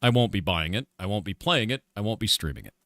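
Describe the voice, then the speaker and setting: A middle-aged man on a live stream, venting in a casual rant full of swearing and hard emphasis. His voice sits fairly low yet swings widely up and down, and the sound is close and dry. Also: animated, quick pace, a bit bright, dry recording. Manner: angry, profane, emphatic. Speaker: streamer and game developer.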